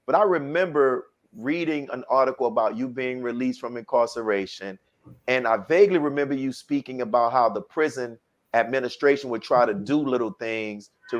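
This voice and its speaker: A man hosting a podcast interview, leading into his question with a long, easygoing setup. His voice sits at an ordinary pitch. The recording is a little dull and muffled. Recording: slightly dull lo-fi sound.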